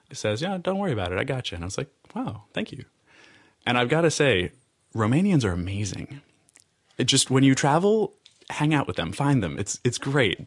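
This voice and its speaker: Low-voiced American man telling a story. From United States. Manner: rambling, animated, laughs often, restarts phrases. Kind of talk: personal story told aloud.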